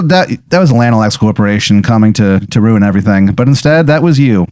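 Male game-master type, low-ish voice, loose profane rambling delivery, dry booth. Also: lively intonation, quick pace, a little mellow, clean tone, no room sound. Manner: casual, profane, rambling with many fillers. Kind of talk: improvised comedic narration.

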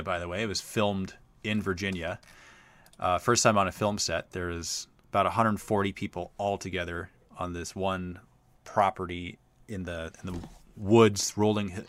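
A man's voice: sits low, sharp tone, no room sound. A man hosting a show, telling a long story in a casual, rambling way with lots of filler words. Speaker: host.

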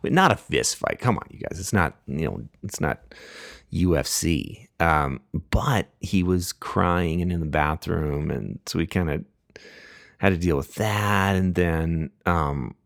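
A middle-aged man hosting a podcast, telling a family story casually with frequent laughs and lively voices for the people he quotes. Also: low-pitched, measured pace, vocal fry, no echo, clean studio sound. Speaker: podcast host.

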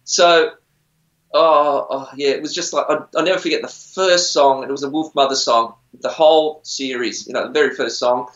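A man's voice: medium pitch, steady tone, moderate pace, fairly bright tone. Aussie guy rambling through a story, a bit muffled, echoey room. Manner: rambling, chatty, self-deprecating. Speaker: musician on a TV singing show. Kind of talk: casual interview storytelling. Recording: roomy, dull lo-fi sound.

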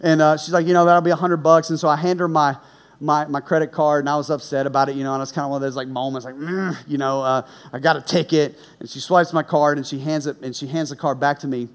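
A man preaching a sermon in a high, lively voice. He tells stories with animated energy, shouting the punchlines, then drops low and quiet to make his serious points. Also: quick pace. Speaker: pastor. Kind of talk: sermon with personal story.

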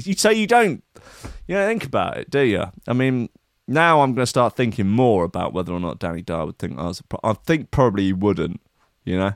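A man's voice: on the low side, sing-song, brisk, no echo, studio quality. A man hosting a comic riff on the news, rambling and sardonic, swearing and mocking himself. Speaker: comedian host.

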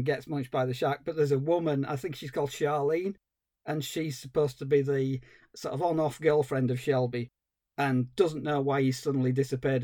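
A man co-hosting a podcast, giving an animated, exasperated film review with dry humour. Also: medium pitch, no room sound. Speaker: podcast co-host. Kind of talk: casual film review chat.

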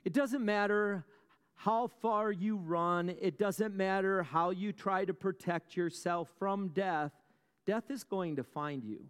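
In a large church hall, a male pastor's sermon carries a long echo, his clean-toned voice pitched somewhat high. Stories punctuated by dramatic pauses, rhetorical questions, and wry remarks to the congregation shape his delivery.

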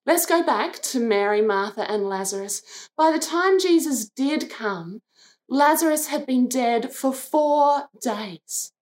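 A woman giving a devotional sermon, speaking gently and earnestly, sometimes voicing people from the story. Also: medium pitch. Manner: slow, gentle and earnest, briefly acting out the sisters' lines. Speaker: preacher.

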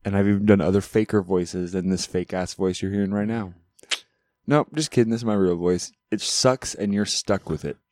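Low-voiced guy cohosting a podcast, goofy and self-mocking, dry close sound. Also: fairly even intonation, moderate pace, a little mellow, no echo. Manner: playful, self-mocking, laughs a lot. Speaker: podcast co-host. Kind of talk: casual joking chat.

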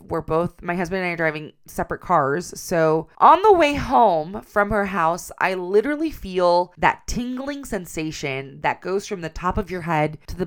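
A woman narrates a personal story in an earnest, confiding tone. Her voice sits a little low and carries a gravelly vocal fry. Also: a bit bright.

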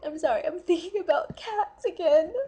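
An actress playing a nervous young woman in a dating video who keeps breaking into tears over cats, halting with many ums. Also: extremely high pitch, warm tone. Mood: tearful gushing. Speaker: comic dating video character. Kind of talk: comedic video monologue.

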